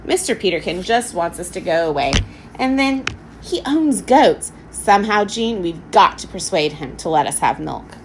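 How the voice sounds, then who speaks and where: A woman reading a storybook aloud, voicing a kind, sensible girl who speaks gently and reassuringly. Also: medium pitch, expressive, moderate pace, noisy background, lightly acted. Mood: gentle.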